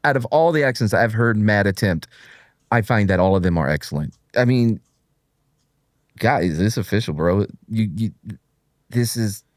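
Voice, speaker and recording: A man's voice: lowish voice, expressive, moderate pace, pauses often, no echo, clean studio sound. A man co-hosting a casual political show, joking and self-mocking and easily distracted. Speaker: podcast co-host.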